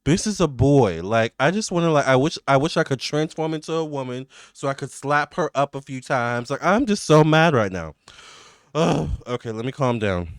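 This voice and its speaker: A man with a smooth, resonant mid-pitched voice talks through a tarot reading for his audience. He rambles, restarts his sentences and leans on fillers, sounding emphatic and indignant. The sound is dry and close. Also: expressive, moderate pace, no room sound. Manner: rambling, filler-heavy talk with many restarts. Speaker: tarot reader. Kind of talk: casual psychic tarot reading to camera.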